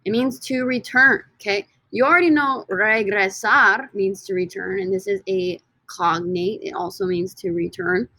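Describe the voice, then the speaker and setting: A woman teaching a recorded lesson from slides in an upbeat, teacherly way, often stretching words out slowly for emphasis. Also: medium pitch, fairly even intonation, pushed and bright. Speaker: Spanish teacher.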